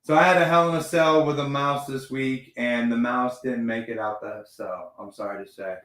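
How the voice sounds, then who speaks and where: A man's voice: mid-range voice, steady tone, moderate pace, a bit bright, distant mic. A man hosting a casual wrestling podcast, telling rambling, profane stories about his week. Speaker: podcast host. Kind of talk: casual chat. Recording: roomy, from off the mic.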